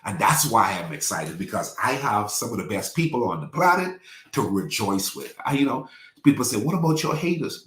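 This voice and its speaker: Folksy preacher in an echoey room. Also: male voice, lowish voice, very animated, normal speed, fairly bright tone. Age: 40s. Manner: conversational Southern preacher, folksy, calls out to listeners. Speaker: pastor. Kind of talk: live-streamed teaching.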